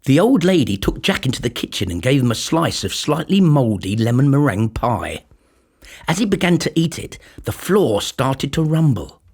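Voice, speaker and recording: A man narrating a fairy tale in a playful, expressive storytelling style. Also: medium pitch, normal speed, husky. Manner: animated, playful.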